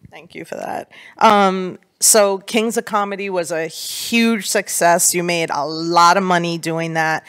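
A woman, a law professor, interviewing a guest on stage, asking long run-on questions in a measured way. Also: lowish voice, fairly even intonation, a bit bright, clear, resonant tone.

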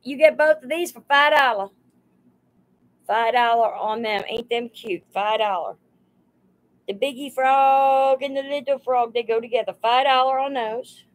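Slow-talking woman selling live. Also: fairly high pitch, poor audio. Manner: chatty, homey, greets viewers by name. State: overheated. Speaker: live sale host. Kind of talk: live-stream selling, chatting with viewers.

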